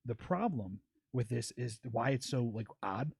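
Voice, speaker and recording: A man hosting a casual podcast, telling stories quickly and acting out the people he quotes, with plenty of swearing. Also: mid-range voice, gravelly, breathy edge, no room sound. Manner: fast, animated storytelling with swearing and quoted voices. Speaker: podcast host and streamer. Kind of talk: casual chat.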